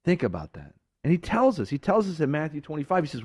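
A fervent male preacher on a talk show, his pitch leaping and falling with every point. He presses his words hard, then drops to a hush. The sound is dry and close. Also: wildly swooping pitch, fast, slightly rough, no echo. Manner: fervent, emphatic, swinging from loud to hushed.

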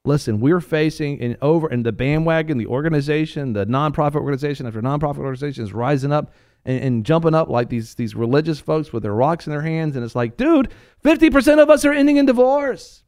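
A man preaching a sermon with passion, swinging between hushed lines and loud ones, addressing his listeners directly as sir and ma'am. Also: mid-range voice, fast, dry recording, studio quality.

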